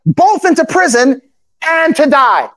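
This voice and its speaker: Man, high voice, pastor, sermon, shouts to the congregation, reads old-style scripture. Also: very animated, measured pace. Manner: call-and-response preaching, often bursts into shouts; reads scripture aloud in old formal English.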